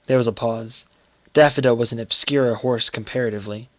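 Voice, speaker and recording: A man reading a short story aloud in a measured storytelling manner. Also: mid-range voice, flat delivery, no room sound. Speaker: reader.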